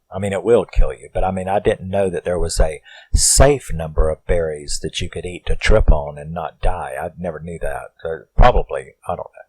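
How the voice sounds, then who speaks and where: Low-voiced man recapping a horror film. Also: a little mellow, rough recording. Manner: rambling, profane, self-questioning asides.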